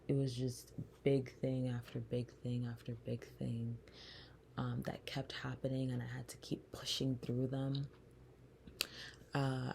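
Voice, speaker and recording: A woman hosting a podcast, telling a personal story in a soft, slow, reflective way that often turns breathy. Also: a bass voice, slight background noise. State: close to tears. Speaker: podcast host.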